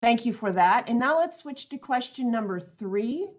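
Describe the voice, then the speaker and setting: A woman's voice: on the high side, animated, normal speed. A woman presenting an online training webinar, reading out audience answers and then explaining her points earnestly, on a computer mic.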